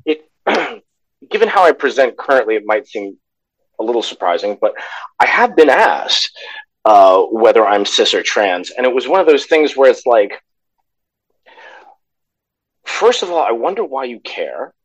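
A man talking as a podcast guest, halting and thoughtful, with many restarts. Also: medium pitch, sing-song, breathy edge, no echo, rough recording. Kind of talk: casual chat.

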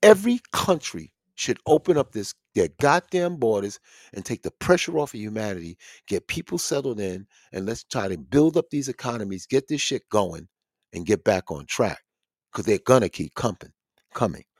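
A man's voice: lowish voice, normal speed, no room sound, studio quality. A man hosting a podcast, ranting in casual, profane commentary. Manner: animated, swearing, ranting. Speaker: podcast host.

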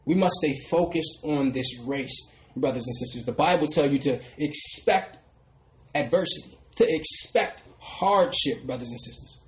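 A man preaching a sermon who often trails off into a soft "brothers and sisters". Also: medium pitch, moderate pace, roomy sound, low-quality recording. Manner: ends phrases with a dropping, quiet "brothers and sisters". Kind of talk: street sermon.

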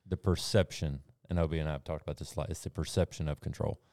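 A man with a very low voice speaks earnestly in a faith discussion group, reflecting on his own struggles. His tone is smooth and resonant. The recording is dry. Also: steady tone, quick pace, a little mellow, no room sound.

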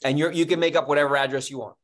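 A man co-hosting a podcast, telling stories in casual chat with animated, profane energy. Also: on the high side, racing. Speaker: podcast co-host.

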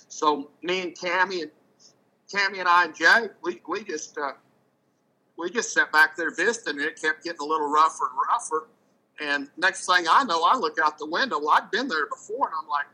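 In a rough recording, a man tells a story in relaxed, loose talk with a very bright, ringing voice that sits fairly high. He speaks at normal speed, gets animated, stumbles over repeated words, and occasionally jumps up in pitch to act out people's lines.

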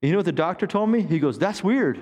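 A man's voice: on the high side, animated, rapid-fire, darkish tone, in a large hall. A man in his fifties, a pastor preaching a sermon in a conversational way, with stammered restarts. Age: 50s. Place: church sanctuary.

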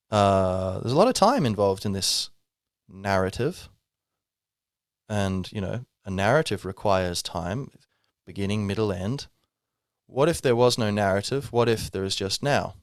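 A man's voice: lowish voice, lively intonation, measured pace, no room sound, clean studio sound. A man hosting a podcast, musing in a casual, rambling way with wry asides. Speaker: podcast host. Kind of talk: reflective spiritual monologue.

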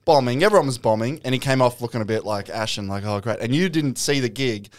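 A man, a comedian, chiming in with quick remarks and laughs in casual podcast banter. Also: medium pitch. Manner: quick interjections, laughing, swearing. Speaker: stand-up comedian.

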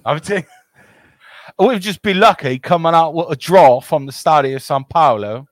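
A man's voice: fairly high pitch, moderate pace, dry recording, studio quality, close to an everyday voice. A man putting on an English accent, doing a bantering football fan. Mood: playful. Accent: English, put on. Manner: bantering, playful.

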